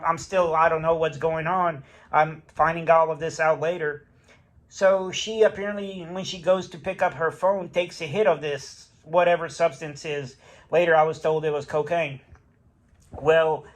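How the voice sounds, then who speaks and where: Guy rambling thru a story, kinda high voice, lots of you know and like. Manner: rambling, full of fillers and restarts. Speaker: rideshare driver. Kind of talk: casual storytelling.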